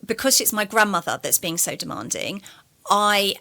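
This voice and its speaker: A woman's voice: mid-range voice, lively intonation, normal speed, gravelly, pushed and bright. A young woman guest on a podcast, talking candidly and chattily, telling stories with frequent fillers. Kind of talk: casual interview conversation.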